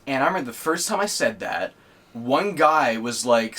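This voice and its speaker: A man in his twenties, chatting casually as a podcast co-host, rambling and animated. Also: mid-range voice, a little fast. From Canada, Nova Scotia. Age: 20s. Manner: rambling, animated, puts on silly voices for quotes. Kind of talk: casual chat.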